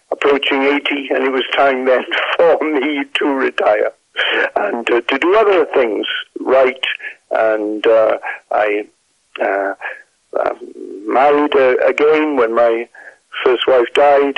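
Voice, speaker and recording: Elderly man, Welsh accent, very slow, measured and hesitant, dull lo-fi line. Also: medium pitch, dry recording. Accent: Welsh with a slight mid-Atlantic tinge. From Wales. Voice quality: measured, hesitant with many fillers. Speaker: retired pastor, guest. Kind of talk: reflective conversational interview.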